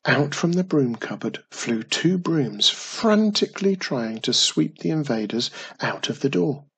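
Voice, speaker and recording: A man narrating a children's storybook in a slow, husky, gravelly voice. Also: medium pitch, very animated.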